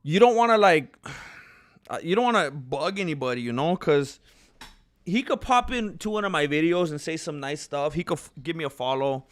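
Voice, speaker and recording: An animated man with a higher voice hosts a relaxed livestream at a moderate pace, wandering through self-deprecating talk full of fillers and restarts. Hiccups and burps break in as he talks, recorded in dry, studio-quality sound.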